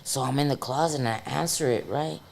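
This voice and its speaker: A woman guest on a podcast, telling a story in a casual, profane and animated way, laughing often. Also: a bass voice, brisk, gravelly.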